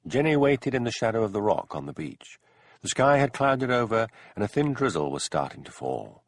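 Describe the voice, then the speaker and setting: A man narrating an audiobook in measured storytelling. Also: fairly low pitch, very animated. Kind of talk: scripted narration.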